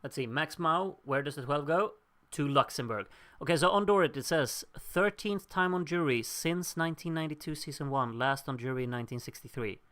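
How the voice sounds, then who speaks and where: A man's voice: on the high side, fairly quick, few pauses, sharp tone. Chatty young man hosting a livestream. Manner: chatty and upbeat, laughs at himself, thinks aloud. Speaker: livestream host reading out viewer votes. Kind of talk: casual live watchalong chat.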